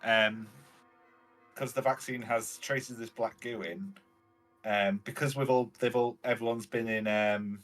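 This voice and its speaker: A man's voice: mid-range voice, fairly even intonation, measured pace, fairly bright tone, faint music behind, rough recording. A man playing in a tabletop game, chatting casually and thinking aloud with hesitations. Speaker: player.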